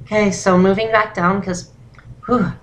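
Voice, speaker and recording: A young woman talks through a beginner voice-training tutorial in a loose, rambling way. She leans on "um" and "actually" constantly, and her voice sits fairly low for a woman. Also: fairly even intonation, normal speed, slight background noise. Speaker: voice training vlogger.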